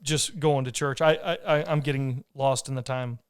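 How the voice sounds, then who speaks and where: In clean studio sound with a dry recording, a podcast host speaks at a moderate pace in a mid-range voice that's clear and resonant, its intonation fairly even. He shares a personal story casually and earnestly, rambling and starting over at times.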